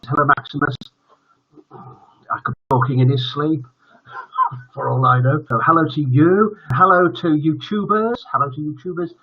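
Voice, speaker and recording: Older northern English man, jokey stream host, husky, lo-fi muffled audio. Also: on the high side, normal speed. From northern England. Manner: jokey, greets viewers by name. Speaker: host of a live family stream. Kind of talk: casual live-stream chat.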